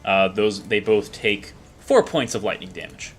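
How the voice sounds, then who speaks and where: Lively game master narrating. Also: male voice, fairly low pitch, slight background noise. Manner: animated, halting narration with many fillers.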